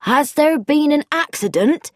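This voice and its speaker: A woman reading a storybook, voicing a nosy teenage boy in a high, gleeful voice. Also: expressive, unhurried, darkish tone, dry recording, clean studio sound.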